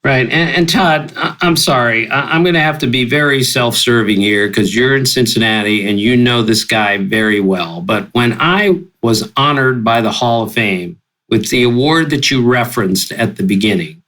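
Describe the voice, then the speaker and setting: An older man telling stories with exuberant energy, his pitch leaping up for punchlines. He speaks at a mid pitch and keeps up an animated, storytelling pace. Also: normal speed, poor audio. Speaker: guest sportswriter. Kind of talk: storytelling interview.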